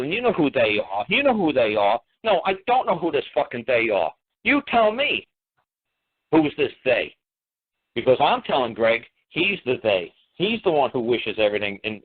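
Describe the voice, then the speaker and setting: A man's voice: fairly high pitch, slightly rough. A man lecturing on a call-in radio show, combative and blunt, hammering listeners with repeated rhetorical questions and swearing. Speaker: radio talk show host. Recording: tinny phone-line radio audio.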